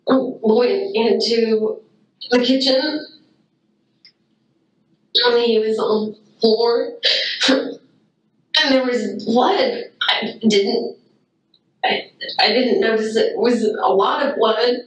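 A woman giving a halting, whimpering account in a recorded police interview, heard on an echoey archive recording. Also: on the high side, distant mic. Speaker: caller reporting an emergency.

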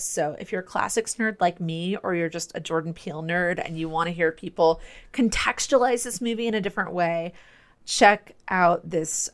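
A young adult woman co-hosting a podcast, explaining things in an enthusiastic, nerdy, rambling way. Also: on the low side. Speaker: podcast co-host. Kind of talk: casual podcast chat.

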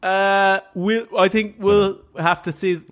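A man's voice: sits high, steady tone, a bit bright. A man co-hosting a podcast, reading a scripted story and then hedging playfully when he is questioned. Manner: reads in measured tones, then hedges and stalls playfully when questioned. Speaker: podcast co-host presenting the story. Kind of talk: scripted narration mixed with casual banter.

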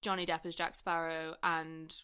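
A British woman co-hosting a casual film review chat, animated and playful. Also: sits low, smooth. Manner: animated, playful, quick to laugh. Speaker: podcast co-host.

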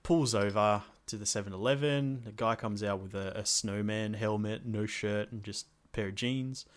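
Guy, animated storyteller who acts out voices, casual chat. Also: fairly low pitch, normal speed. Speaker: gamer recounting a roleplay session.

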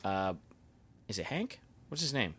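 A man's voice: fairly low pitch, big pitch swings, measured pace, fairly bright tone, husky. A man co-hosting a podcast in casual chat, blunt and swearing freely. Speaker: podcast co-host.

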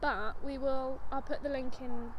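A young woman from England co-hosting a podcast, chatting casually, quick to joke and giggle. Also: high-pitched, steady tone, noisy background. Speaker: podcast co-host. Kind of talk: casual chat.

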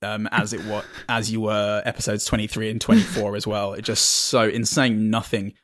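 A man's voice: lowish voice, fairly even intonation, normal speed, a bit bright, no room sound, clean studio sound. A man, a tabletop game player, chatting casually on a podcast in a rambling way, often laughing.

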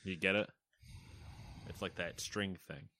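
A man's voice: sits low, steady tone, a little slow, pushed and bright, no echo. A man co-hosting a video game podcast, chatty and joking as he banters and runs through new releases. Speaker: podcast co-host. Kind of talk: casual banter and news rundown.

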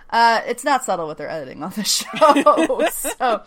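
A woman's voice: a little high, big pitch swings, moderate pace, hardly any pauses, fairly bright tone. Laughing, swearing woman recapping casually. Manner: laughing often, swearing, playful asides. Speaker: podcast co-host. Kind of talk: casual episode recap chat.

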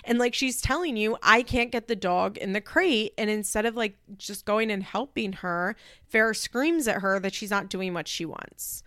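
Chatty woman recapping with animated quotes. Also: moderate pace, no echo, studio quality. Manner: chatty, frequent "like" fillers, laughs, acts out quotes in high voices. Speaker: commentator recapping a reality show. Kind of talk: casual opinionated recap.

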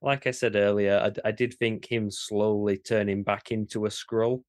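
A low-voiced man chats on a podcast, animated and incredulous. His voice is dry and close, with no room sound. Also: no room sound. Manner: animated, quick, swearing, incredulous. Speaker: podcast co-host. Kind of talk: casual chat.

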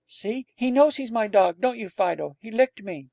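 A man's voice: high voice, lively intonation, normal speed, gravelly, mellow, no echo, pitched above the performer's own voice, heavily acted. A man voicing a stubborn, eager ten-year-old boy in a storybook reading. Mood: insistent. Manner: insistent, eager.

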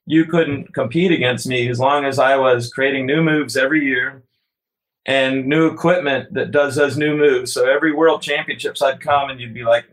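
A man's voice: medium pitch, fairly even intonation, moderate pace, fairly bright tone, low-quality recording. A man, a kayaker, talking casually as an interview guest, rambling with many restarts and frequent laughs. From United States.

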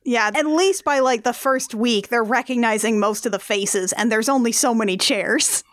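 A woman's voice: a little high, moderate pace, dry recording. Incredulous woman, dry close sound. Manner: incredulous, swears casually. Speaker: podcast guest. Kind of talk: casual movie discussion.

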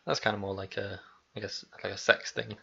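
Bright-voiced young man chatting on a podcast. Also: on the low side, little pitch movement, a little fast, creaky, a little hiss or hum. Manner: rambling, jokey, laughs a lot. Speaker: podcast co-host. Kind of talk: casual chat. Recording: slightly dull lo-fi sound.

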